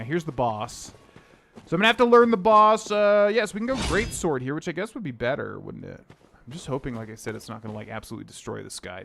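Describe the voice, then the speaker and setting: A man's voice: mid-range voice, creaky, slight background noise. Chatty young man streaming a game. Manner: rambling, chatty, sudden excited outbursts. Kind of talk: casual gaming commentary.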